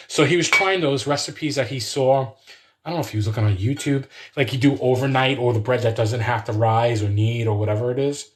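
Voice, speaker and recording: This man, a home cook, streams a casual live cooking demo from his kitchen, chatting with his audience and wandering from topic to topic. His voice is mid-range and his pace fairly quick.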